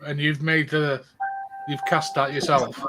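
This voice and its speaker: A man's voice: on the high side, level tone, a little slow, over music. A man on a casual video call panel who asks short, impressed questions. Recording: echoey room with clear noise.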